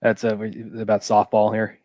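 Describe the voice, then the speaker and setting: A man co-hosting a live stream remotely, talking in halting bursts and repeating words as he thinks. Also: on the low side, completely flat delivery, dark tone, dry recording, highs cut off. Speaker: co-host. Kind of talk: casual live-stream chat.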